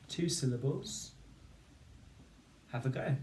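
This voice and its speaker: A male teacher giving a patient phonics lesson, slowly sounding out each word and syllable. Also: mid-range voice, darkish tone. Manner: slow, patient, sounding out words. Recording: roomy, distant mic with faint noise.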